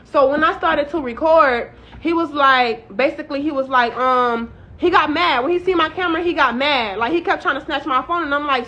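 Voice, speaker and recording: A woman's voice: high voice, fairly quick, sharp tone. A woman telling her own story straight to camera in a casual, heated and emphatic way, full of swearing and "like". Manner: emphatic, heated, profane, heavy use of "like". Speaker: woman recounting her arrest. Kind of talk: casual first-person account to camera. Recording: dull lo-fi audio.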